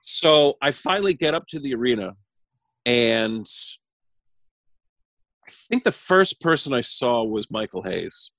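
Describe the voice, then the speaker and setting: A man guest telling a story with lots of laughter, animated and lively. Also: medium pitch, measured pace, pauses often, dry recording. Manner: laughing, lively anecdote teller. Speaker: podcast guest.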